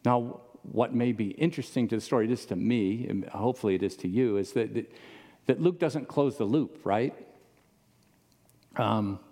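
Mellow-voiced pastor in a reverberant hall. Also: male voice, on the low side, normal speed. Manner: casual, asks the audience questions. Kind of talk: conversational sermon. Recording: long reverb of a large hall.

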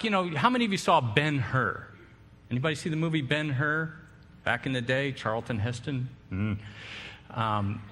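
A man's voice: on the high side, a bit bright. A man giving a sermon as a pastor, talking conversationally, throwing questions and asides to the congregation. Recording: reverberant hall.

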